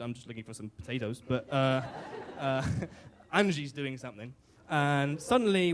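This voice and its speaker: A British man with a fairly high voice tells a story live on stage into a microphone. His delivery is wry and self-mocking, full of little restarts and fillers. He lets the absurd bits land with dry understatement. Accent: British English. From Britain.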